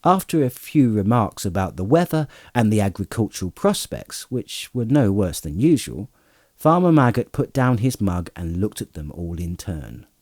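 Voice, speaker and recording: Expressive male storybook narrator. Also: lowish voice, normal speed, dry recording, studio quality. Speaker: audiobook narrator. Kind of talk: scripted narration.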